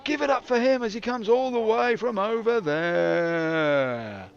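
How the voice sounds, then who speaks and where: A British man putting on a grand, drawn-out showman's announcing voice. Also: high-pitched, animated, smooth, pitched above the performer's own voice. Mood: grandiose. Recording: dull lo-fi with faint hiss.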